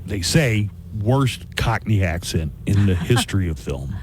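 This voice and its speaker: A man with a fairly low voice hosts a radio show, chatting loosely and joking between songs. He wanders into rambling asides. There is faint ambience behind him in the studio. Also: expressive, measured pace, darkish tone, slight background noise. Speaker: radio host. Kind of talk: casual on-air chat. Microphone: studio microphone.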